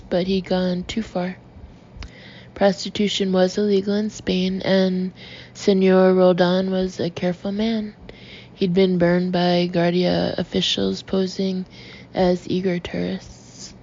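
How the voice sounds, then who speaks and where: Gravelly woman reading an audiobook. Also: lowish voice. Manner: measured, even reading. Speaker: audiobook narrator. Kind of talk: scripted narration. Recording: dull lo-fi recording with faint noise.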